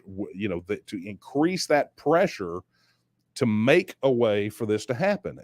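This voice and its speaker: A man's voice: on the low side, no room sound, studio quality. A man hosting a livestream, answering viewer questions in a conversational way, often repeating himself and speeding up when he makes a point. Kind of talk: livestream Q&A talk.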